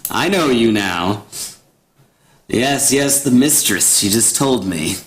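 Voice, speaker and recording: A man's voice: mid-range voice, lively intonation, takes it slowly, slight background noise. A man voicing a tired, easygoing male traveler who chats with hesitant, friendly talk. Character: weary male traveler resting at an inn.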